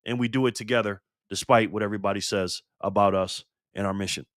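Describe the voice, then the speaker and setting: Older guy ranting on his live stream, bright forceful voice, dry close sound, swears a lot. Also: lowish voice, steady tone, fast, dry recording. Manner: fired-up, cursing, greets chat viewers. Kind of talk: casual live stream talk. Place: garage.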